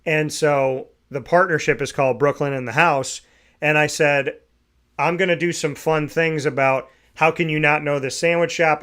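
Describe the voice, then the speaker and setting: A man hosting a morning sports talk show, his voice pitched a little high. He talks quickly and eagerly, and runs through sponsor plugs with energy. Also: a bit bright. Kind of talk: casual morning show chat.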